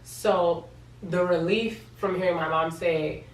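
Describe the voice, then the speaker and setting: Young woman from new york vlogging, emotional, says very very very a lot, lowish voice, far from mic. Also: steady tone, slow. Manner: emotional, repeats words for emphasis. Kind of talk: casual personal storytelling. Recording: echoey room, from a distance, faint hum.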